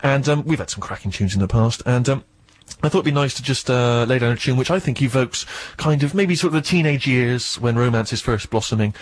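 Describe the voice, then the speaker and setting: A man hosting a radio show, telling a comic story in an animated, self-mocking way that jumps up into indignant squeaks. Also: fairly quick. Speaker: radio host.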